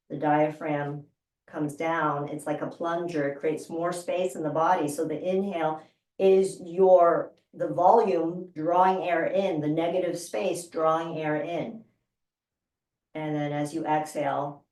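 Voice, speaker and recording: A woman instructor calmly guiding a breathing exercise with slow, measured cues. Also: deep voice. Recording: roomy sound from a distance.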